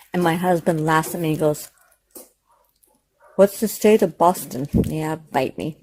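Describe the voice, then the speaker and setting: A woman's voice: low-pitched, a little mellow. A woman hosting a home cooking vlog, talking casually with lots of fillers and restarts as she cooks in her kitchen. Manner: rambling, chatty, lots of fillers and self-corrections.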